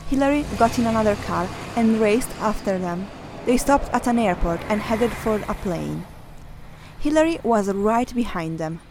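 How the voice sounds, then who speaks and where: A woman reading a children's story aloud, doing lively voices for the characters. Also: mid-range voice, normal speed, background noise. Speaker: story reader.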